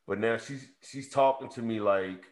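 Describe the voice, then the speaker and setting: A man's voice: medium pitch, moderate pace. A man co-hosting a podcast, telling a story in casual chat, acting out both sides of a phone call and cursing freely. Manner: animated storyteller, acts out phone calls, swears freely. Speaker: podcast co-host.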